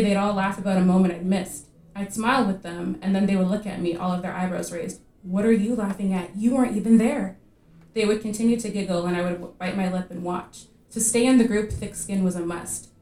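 A woman reading her own fiction aloud at a live literary reading, measured and vivid in her storytelling. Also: medium pitch, steady tone, a little mellow, distant mic. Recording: echoey room at a live reading.

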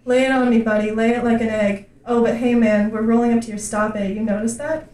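A man's voice: very high-pitched, steady tone, a little fast, darkish tone, echoey room, distant mic, poor audio. A woman reading the part of a brash, chatty man on a bus who rambles in slang and calls everyone buddy.

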